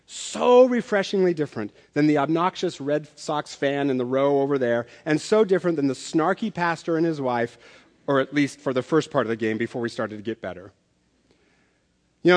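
Male pastor, conversational sermon, fairly high voice, long hall reverb. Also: expressive, a little fast. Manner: conversational, self-deprecating humor. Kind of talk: sermon with storytelling.

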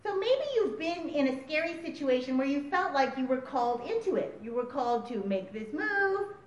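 A woman preaching a sermon, animated and often laughing as she acts out voices. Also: high-pitched, moderate pace. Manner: animated, laughing, acting out quotes. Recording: roomy, distant, dull recording.

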